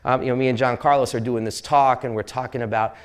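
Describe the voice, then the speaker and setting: A man's voice: medium pitch, fairly even intonation, quick pace, clear, resonant tone. A man giving a casual storytelling talk to an audience in a university lecture hall, rambling and jokey, with plenty of fillers and restarts. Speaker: sportswriter giving a public talk.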